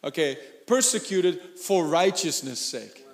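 A pastor preaching a sermon, animated, laughing and shouting for emphasis. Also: male voice, a little high, a little slow, big-room sound.

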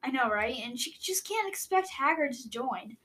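A woman's voice: high voice, expressive, normal speed, a bit bright, rough recording. Chatty woman recapping with a casual ramble. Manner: chatty, lots of "like" and restarts. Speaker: co-host recapping a book. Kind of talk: casual chat.

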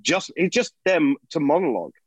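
Casting: an enthusiastic man as podcast co-host, high and lively. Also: moderate pace, breathy edge, dry recording, muffled recording. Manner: enthusiastic, restarts a lot. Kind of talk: casual chat.

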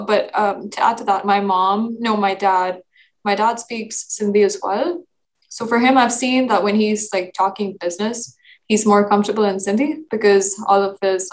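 A woman's voice: medium pitch, slight background noise, poor audio. A young woman from Pakistan in a casual group discussion, talking with many fillers and restarts. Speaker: discussion participant.

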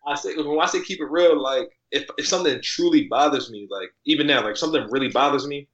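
Bright-voiced man in roomy sound. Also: a little high, fast, lo-fi sound. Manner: relaxed, rambling with many fillers and restarts. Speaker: podcast guest. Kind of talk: casual interview chat.

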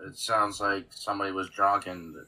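A man co-hosting a live podcast, throwing in deadpan jokes. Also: low voice, moderate pace, poor audio. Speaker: podcast co-host. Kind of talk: casual live-stream chat.

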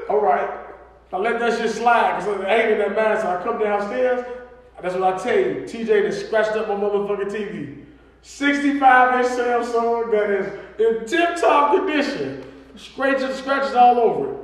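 A high-voiced man tells family stories in a loose, profane chat and acts out the other people's lines as he talks. He sits far from the mic in a very echoey room with a long reverb tail. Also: unhurried. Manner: profane, animated storyteller acting out quotes. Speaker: podcast co-host. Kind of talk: casual storytelling chat.

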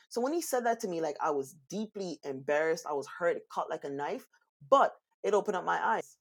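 A woman co-hosting a casual talk, telling stories in an animated way and acting out what people said. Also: mid-range voice, fast talker. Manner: animated storyteller, acts out quotes. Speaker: co-host. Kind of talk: casual chat.

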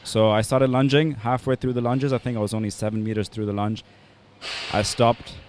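A man's voice: medium pitch, level tone, fairly quick, darkish tone, slight background noise. A young man in casual conversation as a podcast guest, talking hesitantly with restarts and quoting his own past thoughts. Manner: hesitant, with restarts and quoted self-talk. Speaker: podcast guest, fitness coach.

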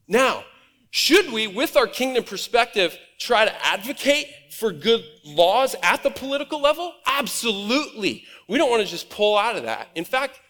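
A man from Nebraska preaching a conversational, animated sermon from a church stage. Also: sits high, normal speed. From Nebraska, USA. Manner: conversational and animated, acts out quoted voices. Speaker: pastor. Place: church auditorium. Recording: reverberant hall.

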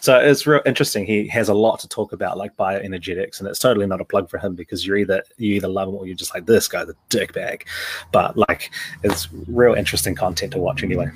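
A man's voice: low voice, fast talker, breathy edge. A young man, co-hosting a casual podcast chat and telling stories with lots of restarts. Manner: animated storyteller, repeats words while thinking. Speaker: podcast co-host.

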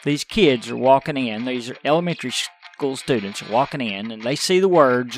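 A man's voice: mid-range voice, lively intonation, moderate pace, few pauses, fairly bright tone, faint music behind. A middle-aged man hosting a podcast, ranting in an exasperated, profane way. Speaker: podcast host. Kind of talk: casual ranting podcast talk.

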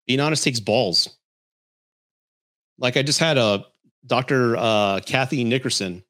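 A man's voice: medium pitch, unhurried, fairly bright tone. Blunt-talking male podcast host. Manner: blunt, candid advice with mild swearing. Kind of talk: casual livestream chat reading comments.

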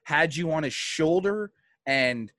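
A man hosting a podcast, telling a story in casual chat with animated delivery and plenty of swearing. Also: on the high side, slow pace, no echo, clean studio sound. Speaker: podcast host.

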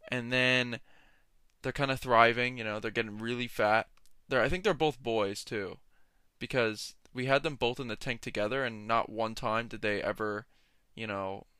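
Young male podcast host, rambling jokey rants, smooth voice, dry close sound. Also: mid-range voice, steady tone, normal speed, bright, forceful tone, dry recording. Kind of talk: casual solo podcast monologue.

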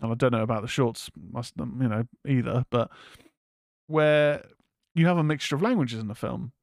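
A man's voice: medium pitch, moderate pace, creaky, no echo, studio quality. Rambling English man reviewing films. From England. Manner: rambling, swears casually, reads chat comments aloud. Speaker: horror podcast host. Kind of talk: casual film review chat.

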